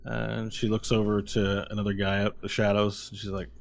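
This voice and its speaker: A man narrating as game master of a tabletop game, describing scenes briskly with fillers. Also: on the low side, level tone, vocal fry.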